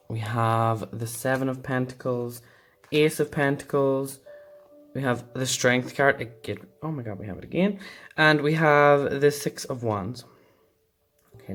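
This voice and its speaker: A man giving a casual tarot reading, thinking aloud and meandering with frequent pauses. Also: medium pitch. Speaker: tarot card reader.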